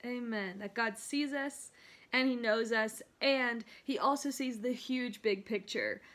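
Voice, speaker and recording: A woman's voice: a little high, unhurried, a bit bright. Affirming woman co-host closing with a blessing. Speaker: co-host of a faith talk show. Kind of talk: conversational Christian encouragement.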